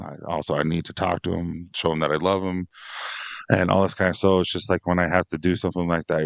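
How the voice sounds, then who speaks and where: A man's voice: low-pitched, steady tone, fast talker, gravelly, no room sound, studio quality. A man who is a father of six, talking casually on a dads podcast, rambling and laughing often. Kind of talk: casual conversation.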